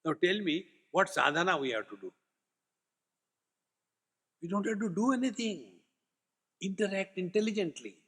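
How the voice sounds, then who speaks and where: A man's voice: fairly high pitch, a bit bright. A man giving a spiritual discourse as a swami, emphatic and repetitive, with humorous stories. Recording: long hall reverb.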